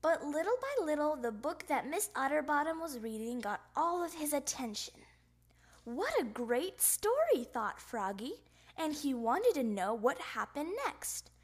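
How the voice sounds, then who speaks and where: A woman reading a children's picture book aloud, with playful, expressive sound effects. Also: high-pitched, moderate pace. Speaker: storybook reader.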